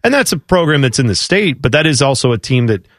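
A man hosting a casual sports talk radio show, chatty and bantering quickly with his co-host. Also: mid-range voice, very animated, a bit bright, no echo, clean studio sound. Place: radio studio. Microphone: studio microphone.

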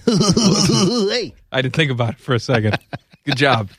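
A man's voice: on the high side, big pitch swings, slow, husky, no room sound, clean studio sound. A man hosting a sports talk radio show, cracking jokes and laughing in casual banter. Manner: wisecracking, laughs often.

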